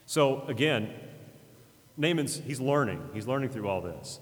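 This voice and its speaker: A man's voice: mid-range voice, animated, a little slow, big-room sound. A man preaching a conversational, earnest sermon, retelling a scripture story with frequent fillers and restarts. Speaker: pastor.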